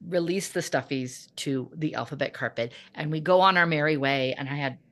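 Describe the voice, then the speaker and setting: A middle-aged woman hosting a chat show, telling an animated story about her teaching day and acting out the people in it. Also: low-pitched, normal speed. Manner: animated storytelling, acts out voices. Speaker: podcast host. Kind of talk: casual chat.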